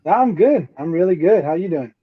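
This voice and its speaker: A man's voice: a little high, lively intonation, moderate pace, slightly rough, phone-quality sound. A man who joins a podcast as a guest, chatting in a friendly, easygoing way. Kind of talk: casual chat.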